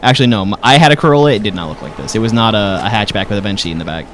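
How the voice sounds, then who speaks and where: A man's voice: fairly low pitch, animated, rapid-fire, a bit bright, slight background noise. A man giving casual, joking let's-play commentary, thinking aloud as he goes. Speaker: gaming host.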